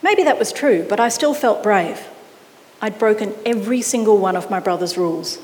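A woman reading a children's story aloud with expressive delivery, in an echoey hall. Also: medium pitch, normal speed.

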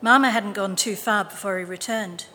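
Woman reader, bright and measured, mid pitch, reverberant hall. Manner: clear, measured read-aloud. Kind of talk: reading scripture and a picture book aloud.

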